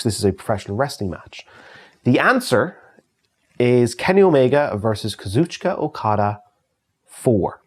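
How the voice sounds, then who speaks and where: An Irish man in his thirties, chatting casually and answering viewer questions with loose, swearing humour. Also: medium pitch. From Ireland. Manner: chatty and swears freely, reads questions aloud. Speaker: YouTube creator answering fan questions. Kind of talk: casual solo Q&A chat.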